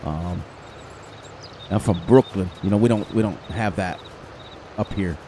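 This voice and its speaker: Man, upstate New York accent, mellow dark tone, casual game commentary, faint outdoor noise behind. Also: low voice. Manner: chatty, quick to laugh, sings snatches of songs. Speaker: gaming channel host.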